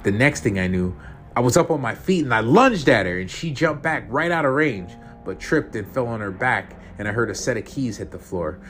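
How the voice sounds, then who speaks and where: A man's voice: mid-range voice, expressive, brisk, a bit bright, faint music behind. A man narrating a first-person horror story, tense and profane.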